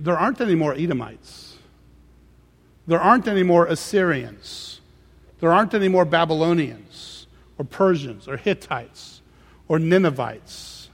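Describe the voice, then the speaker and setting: Male pastor, slightly high voice, emphatic repetitive sermon delivery, long hall reverb. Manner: emphatic, repeats phrases for effect.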